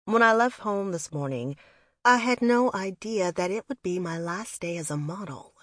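A woman's voice: mid-range voice, expressive, normal speed, no echo, studio quality. A woman reading a first-person story aloud in a reflective, wistful manner. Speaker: audiobook narrator. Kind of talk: first-person scripted narration.

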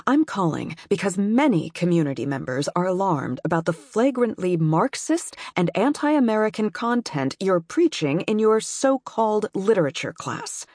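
A woman's voice: mid-range voice, very animated, moderate pace, hardly any pauses, darkish tone, no echo, studio quality, pitched above the performer's own voice. A woman voicing an anonymous mother who leaves a stiff, prepared, accusing phone message with a slight tremor. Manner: stiff, reading a prepared statement.

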